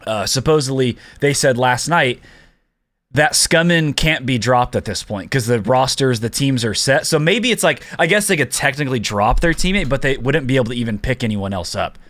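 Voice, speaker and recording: A man's voice: mid-range voice, animated, moderate pace, a bit bright, no room sound. A man co-hosting a gaming podcast in casual chat, telling stories in a laid-back way and acting out what others said. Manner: laid-back storyteller who acts out quotes. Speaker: podcast co-host.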